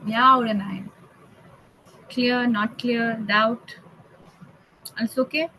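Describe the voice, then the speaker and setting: High-voiced woman teaching German slowly. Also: fairly even intonation, sharp tone, a little hiss or hum, rough recording. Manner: explains patiently, often checking understanding with "okay"; switches between English and German. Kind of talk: online classroom teaching.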